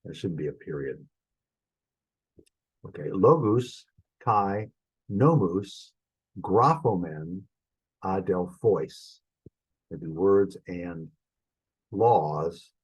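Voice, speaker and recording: A middle-aged man teaches a Greek lesson, working through each example slowly and thinking aloud. His voice is husky and sits a little low. He often pauses to correct his own slips. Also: lively intonation, a little mellow, highs cut off. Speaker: Greek instructor. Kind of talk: recorded classroom lesson.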